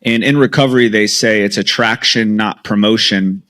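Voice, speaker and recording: A man's voice: fairly low pitch, moderate pace, a bit bright. A man in his thirties, a podcast guest, candidly retelling his past in an emotional, story-driven way with lots of quoted dialogue. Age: 30s. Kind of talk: storytelling interview.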